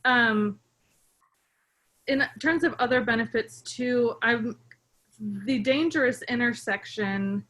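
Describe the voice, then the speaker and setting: A woman giving a measured, polite public comment as a resident, calling in to a town meeting. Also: fairly high pitch, a bit bright. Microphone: remote call-in.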